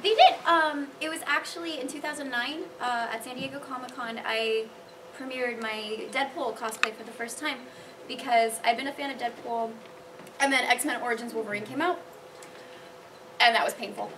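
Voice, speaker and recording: A woman cosplayer speaks on a convention panel, quick to laugh and animated as she tells her stories. Her voice sits high. She is picked up from some distance with a faint hiss in the room. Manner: bubbly, laughs often, animated storytelling. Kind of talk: casual panel chat.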